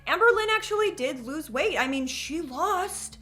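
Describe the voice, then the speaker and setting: A woman's voice: high-pitched, lively intonation, moderate pace, hardly any pauses, fairly bright tone. A woman hosting a commentary video, narrating with sarcastic joking asides. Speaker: commentary channel host.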